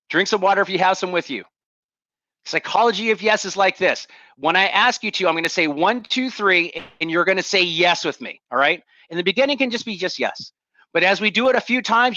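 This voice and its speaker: A man giving an energetic motivational talk to leaders, coaching the audience through exercises. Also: high voice, dry recording, muffled recording. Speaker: leadership speaker.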